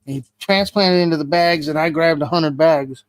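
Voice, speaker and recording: A man's voice: fairly high pitch, moderate pace, dry recording. A man being interviewed, telling a story casually with heavy swearing. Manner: profane, animated retelling with heavy swearing. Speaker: interview guest.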